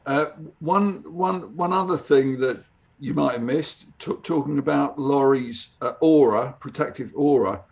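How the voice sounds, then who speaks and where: A man's voice: medium pitch, a little slow, vocal fry, a little mellow. An older man, a guest comic artist, chatting casually and reflecting on his own artwork, with frequent restarts. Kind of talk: casual chat.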